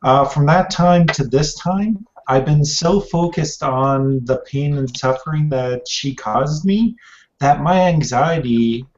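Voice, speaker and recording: A man's voice: a little high, takes it slowly, a little mellow, highs cut off, a little hiss or hum. A tired man speaking hesitantly in a casual group chat, searching for his words. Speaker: participant.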